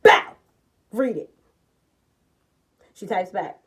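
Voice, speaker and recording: A young woman vlogs a personal story in an animated, angry, expletive-filled way, acting out the lines of dialogue. She speaks a little fast, in a mid-range voice.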